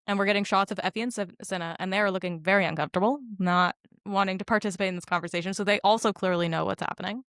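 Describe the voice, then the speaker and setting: A woman's voice: lowish voice, fast talker, few pauses, dry recording, studio quality. A woman co-hosting a casual podcast, talking through a film scene by scene with lots of laughter and acted-out quotes. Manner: animated, laughs often, acts out quotes. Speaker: podcast co-host.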